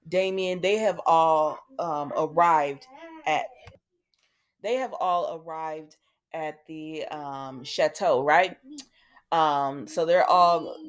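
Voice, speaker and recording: A woman host recapping soap opera episodes in casual, chatty talk, acting out the characters' lines with lots of ums. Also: low-pitched. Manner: chatty and animated, acts out quotes, many ums.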